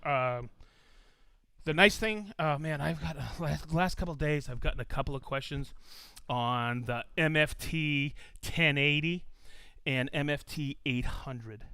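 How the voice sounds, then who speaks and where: Excitable new guy hosting a live stream, high bright voice, dry close sound. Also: a little slow, smooth, no room sound. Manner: excitable, reads out viewer shout-outs with whoops. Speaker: host of a live tool demo stream. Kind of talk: casual live-stream chat.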